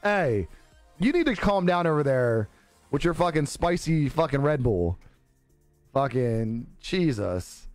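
A man's voice: fairly high pitch, sing-song, slow pace, dry recording. A young man on a live stream chatting casually with viewers, laid-back and joking, swearing freely and laughing often. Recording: dry close-mic with faint music behind.

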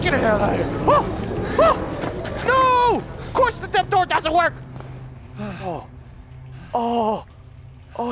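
A man's voice: very high-pitched, fairly bright tone, slight background noise. A man with a sore, strained throat doing gameplay commentary, joking to viewers and screaming and swearing at scares. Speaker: let's play host.

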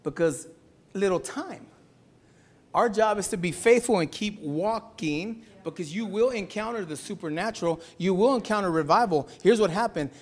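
A man pastor preaching a Sunday sermon in a church, talking in a loose, slangy way, sometimes shouting and sometimes dropping to a hush. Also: high voice, expressive, moderate pace. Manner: conversational preaching with slangy asides and laughs; swings from shouting to hushed.

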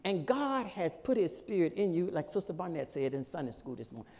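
A male pastor preaching a sermon in a folksy, repetitive style, with shouted peaks and laughter between points. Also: high voice, very animated, brisk, big-room sound. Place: church sanctuary.

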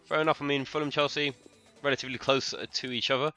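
A young man from London with a London English accent, chatting excitably to viewers and swearing freely while commentating his own football game. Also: mid-range voice, fast, no room sound, faint music behind. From London, England. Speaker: gaming streamer. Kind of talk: live gameplay commentary.

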